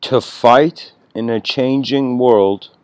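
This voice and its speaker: A man at an ordinary mid pitch gives a casual spiritual lecture, wandering between ideas with throat clearing and small laughs. The sound is close and dry, with no room around it. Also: fairly even intonation, takes it slowly, a little mellow, no room sound.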